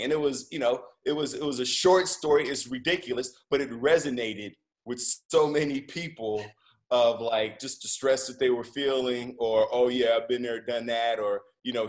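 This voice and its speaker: A comedian and podcast guest telling a story in easy conversation, a man who rambles a little and often restarts his sentences. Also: mid-range voice. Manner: relaxed, rambling, with frequent restarts.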